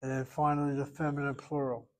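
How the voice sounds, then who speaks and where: A man's voice: mid-range voice, flat delivery, fast. A man teaching a Hebrew grammar lesson, patiently explaining verb forms and careful pronunciation.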